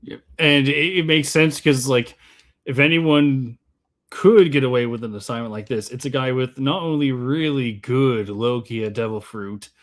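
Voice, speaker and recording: A man co-hosting a casual fan podcast, talking in an animated way. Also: mid-range voice, unhurried. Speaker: podcast co-host.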